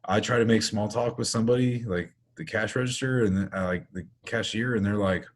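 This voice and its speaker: Man, podcast co-host, very deep voice, husky, emphatic casual chat. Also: brisk. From US East Coast.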